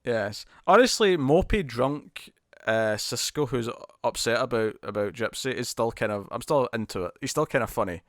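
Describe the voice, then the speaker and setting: A man co-hosting a podcast in casual chat, animated and laughing often, restarting sentences as he recaps TV episodes. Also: mid-range voice, moderate pace, no echo, clean studio sound. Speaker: podcast co-host.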